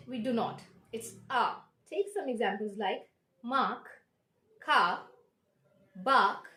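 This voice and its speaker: A woman giving a pronunciation lesson, modeling each sound deliberately. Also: high voice, reverberant. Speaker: English pronunciation teacher.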